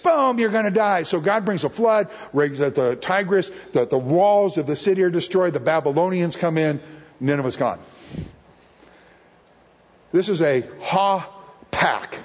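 A man with a high, husky voice preaches with playful puns and acts out the people he quotes. His sermon rings through a long-echoing hall on a dull, lo-fi recording. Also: lively intonation, unhurried, pauses often, darkish tone. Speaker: guest speaker. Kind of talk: humorous sermon teaching. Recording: echoey hall, dull lo-fi sound.

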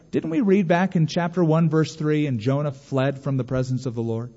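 A man preaching a sermon as a pastor, animated, moving between hushed and emphatic delivery. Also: on the high side, moderate pace, few pauses. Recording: dull sound with long hall reverb.

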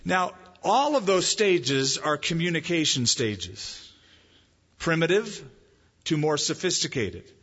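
A man delivers a sermon with a husky, slightly higher-than-usual voice and a conversational, emphatic way of preaching. The sound is muffled and carries a long echo from a church hall. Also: big pitch swings, slow pace, fairly bright tone. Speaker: pastor.

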